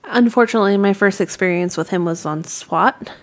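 A woman co-hosting a podcast, chatting casually with relaxed, dry remarks and short replies. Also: mid-range voice, fairly quick. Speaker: podcast co-host. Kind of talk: casual chat.

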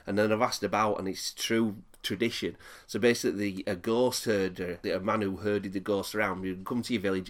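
A man's voice: on the low side, fairly even intonation, brisk, few pauses. A man, co-hosting a comic podcast and telling stories in an easygoing, joking way. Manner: easygoing, storytelling asides. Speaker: co-host.

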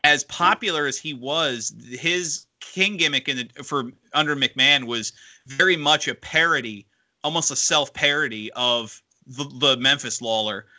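A man's voice: medium pitch, a little slow, sharp tone. A man hosting an interview show, asking long, winding questions with many restarts. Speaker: interview host. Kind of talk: radio interview.

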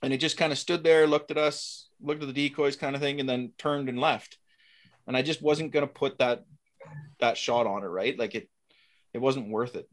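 A middle-aged man with a mid-range voice, speaking at a normal pace, is a guest telling a hunting story. He tells it casually and with animation, acting out the people's lines in quotes.

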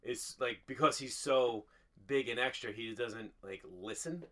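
A man's voice: mid-range voice, unhurried, fairly bright tone. A man co-hosting a podcast, chatting casually about a film, rambling with restarts and acting out characters. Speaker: podcast co-host. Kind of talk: casual movie discussion.

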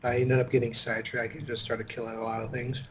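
A man chatting casually as a podcast guest, relaxed and laughing easily. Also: medium pitch, fast talker, background noise. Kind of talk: casual chat.

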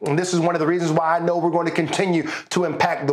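A pastor giving an online sermon, telling a personal story in a conversational way and building to exuberant praise. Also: male voice, fairly high pitch, level tone, racing, few pauses. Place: church service streamed online.

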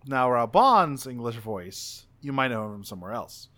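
A man's voice: mid-range voice, very animated, moderate pace, fairly bright tone. A man co-hosting a casual podcast, reading off voice cast credits with dry asides. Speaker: podcast co-host. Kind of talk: casual chat about game voice actors.

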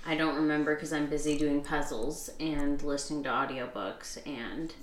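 A young woman chats as co-host with a wry, teasing edge. Her voice sits low for a woman. The recording carries room echo and a faint background hiss. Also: fairly even intonation, normal speed. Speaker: co-host, host's wife. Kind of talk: casual chat.

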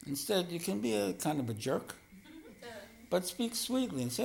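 Gravelly, gently chuckling male meditation teacher. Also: fairly high pitch, sing-song, normal speed, slight background noise. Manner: gentle, chuckling, self-deprecating. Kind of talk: spiritual teaching talk.

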